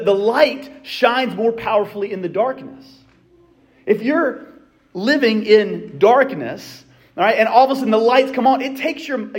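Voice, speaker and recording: A man preaching a sermon in a conversational way, often repeating words and asking his listeners questions. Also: high-pitched. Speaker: pastor.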